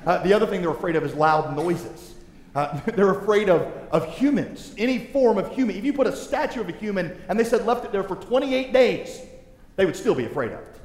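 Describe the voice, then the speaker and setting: A man's voice: high-pitched, brisk. A man in his thirties preaching a sermon, telling funny stories and acting out voices. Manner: animated, humorous storytelling with acted-out voices. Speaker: pastor. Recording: echoey hall with long reverb.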